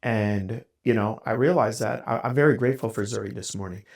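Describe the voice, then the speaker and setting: A man hosting a podcast, telling a candid, self-deprecating story in a casual, animated way. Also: on the low side, fairly quick, gravelly. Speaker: podcast host.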